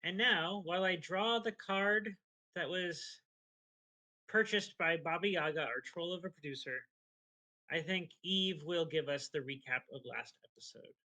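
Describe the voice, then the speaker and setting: A man hosting a comedy show, reading scripted trivia in a dry way and sometimes reading the punctuation out loud. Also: fairly high pitch, a little slow, rough recording. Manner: dry, reads punctuation aloud. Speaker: podcast host.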